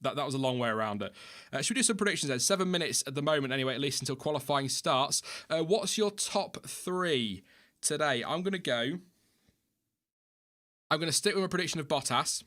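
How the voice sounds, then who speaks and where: A man's voice: a little high, expressive, fairly quick, a bit bright. A man hosting a casual live stream, chatting loosely and reading out viewer comments with small laughs. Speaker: livestream host.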